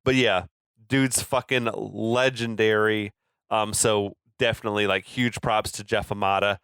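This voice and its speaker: Laid-back man with a smooth voice talking films. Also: fairly low pitch, unhurried, no room sound, clean studio sound. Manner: relaxed, laid-back, swears casually, trails off with like. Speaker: podcast co-host. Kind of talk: casual movie chat.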